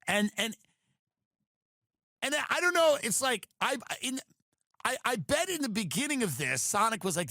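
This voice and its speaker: A man's voice: high-pitched, animated, normal speed, bright, forceful tone, no echo, clean studio sound. A man hosting a podcast, delivering a comedic monologue in a sardonic, ranting way with mocking asides. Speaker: podcast host.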